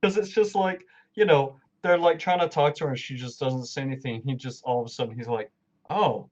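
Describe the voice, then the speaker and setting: A man's voice: medium pitch, steady tone, quick pace, darkish tone, highs cut off. A man co-hosting a casual gaming podcast, recapping story scenes in an easygoing, agreeable way and laughing along readily. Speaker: podcast co-host. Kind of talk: casual game walkthrough chat.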